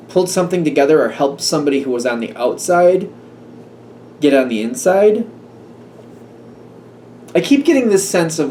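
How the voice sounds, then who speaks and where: A man with a mellow, fairly high voice muses through a casual tarot reading monologue. He sounds hesitant, full of fillers and restarts, and the slightly distant mic picks up faint room noise.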